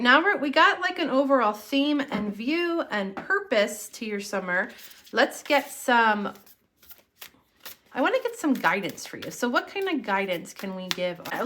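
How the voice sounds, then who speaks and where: A woman's voice: fairly high pitch, fairly bright tone, a little hiss or hum. A woman giving a casual tarot reading to camera, earnest and encouraging as she speaks straight to the viewer. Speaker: tarot reader.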